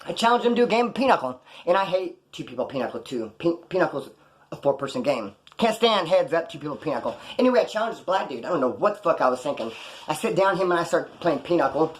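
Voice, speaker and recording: A man spins rough, rambling stories at a rapid clip, peppered with profanity. His voice sits a little high, and his tone stays wry and offhand. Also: very animated. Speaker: vlogger recounting jail stories. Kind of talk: casual storytelling.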